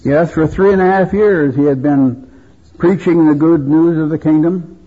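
A man preaching a sermon at a convention, speaking in a slow, measured, reverent way. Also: fairly high pitch, husky. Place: convention hall. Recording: tinny phone-like convention recording.

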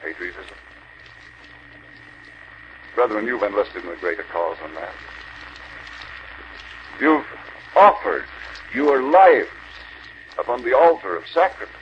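Older man preaching, lively rising voice. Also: on the low side, slow, pauses often. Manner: earnest exhorting, rhetorical questions. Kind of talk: convention sermon. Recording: dull archival recording with faint hiss.

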